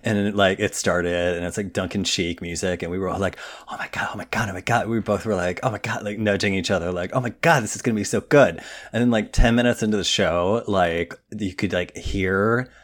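A man's voice: deep voice, fairly quick, hardly any pauses. A man co-hosting a podcast, chatting casually and telling a story full of "like" fillers. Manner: giggly, animated storyteller with many "like" fillers. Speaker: podcast co-host. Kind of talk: casual chat.

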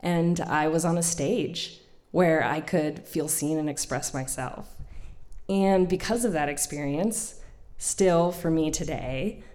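A woman in her thirties hosting a live storytelling night, telling a personal story to an audience in a chatty way, laughing often and filling pauses. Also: sits low, darkish tone. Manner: chatty, laughing, many fillers. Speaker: storytelling event host and storyteller.

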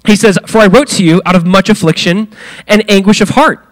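A man preaching with a slightly higher-pitched voice, talking loosely and casually. He fills his talk with "like" and jumps up and down in pitch when he acts out the quoted lines. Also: a little fast. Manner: conversational, many fillers, acts out quoted lines with big pitch swings. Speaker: pastor. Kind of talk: sermon.

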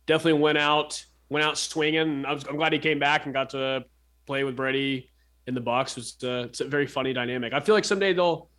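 A man co-hosting a sports podcast talks in a loose, rambling way, full of fillers and jokes. His voice is bright and forceful, at an ordinary pitch for a man. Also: quick pace. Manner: rambling, joking, lots of fillers and restarts. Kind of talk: casual sports chat.

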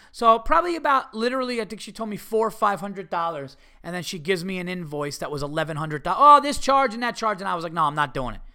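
A man hosting a podcast, reading listener letters aloud with profane, animated commentary and frequent laughter. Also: fairly high pitch. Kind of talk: casual comedic rant.

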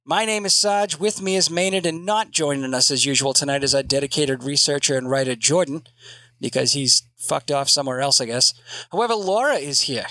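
A man hosting a casual podcast, joking and swearing as he rambles through announcements. His voice is bright and a little high for a man. The sound is dry and close. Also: a little fast, no room sound. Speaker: podcast host.

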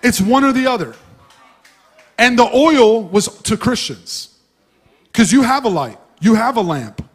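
A man preaching to a church, talking to the congregation casually and shifting between loud emphasis and soft asides. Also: extremely high pitch, animated, measured pace, breathy edge. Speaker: pastor. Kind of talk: sermon.

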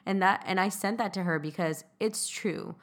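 A woman's voice: medium pitch, moderate pace. A young woman co-hosting a podcast, speaking earnestly in casual chat. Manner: earnest, reads a quote aloud. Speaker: podcast co-host.

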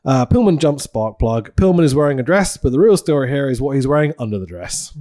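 A man's voice: mid-range voice, big pitch swings, a little fast, dark tone. A man co-hosting a podcast, recapping a show in casual chat, laughing and swearing often. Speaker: podcast co-host.

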